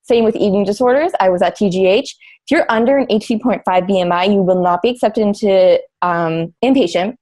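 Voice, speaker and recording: A woman's voice: mid-range voice, fairly quick, a little mellow. A woman from Canada, a mental health advocate, speaking casually and with exasperation on a live round-table. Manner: casual, exasperated, many "like" fillers.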